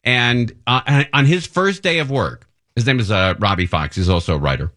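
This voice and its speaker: A man's voice: mid-range voice, moderate pace. A man hosting a station show, chatting casually and telling rambling stories. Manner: relaxed rambling storyteller with restarts. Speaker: radio host. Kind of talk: casual chat.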